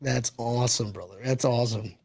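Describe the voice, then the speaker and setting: A man's voice: mid-range voice, brisk, creaky, a little mellow, husky, dry recording, studio quality. A man hosting a casual sports fan chat, joking and laughing often. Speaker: podcast host.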